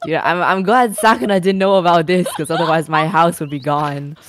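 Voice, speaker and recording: A woman's voice: lowish voice, a little fast, background noise. A woman guest in a casual gameplay chat, giggly and full of mock-dramatic accusations. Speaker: guest streamer.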